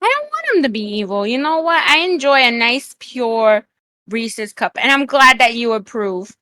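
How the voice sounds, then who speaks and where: A woman chatting playfully on a stream, excitable and teasing, firing off quick questions. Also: on the high side, no echo. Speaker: guest streamer.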